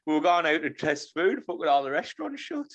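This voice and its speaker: A man's voice: fairly high pitch, sing-song, quick pace, lo-fi sound, very noisy. A man co-hosting a casual podcast, blunt and teasing, swearing freely in short remarks. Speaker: podcast co-host. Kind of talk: casual banter over beers.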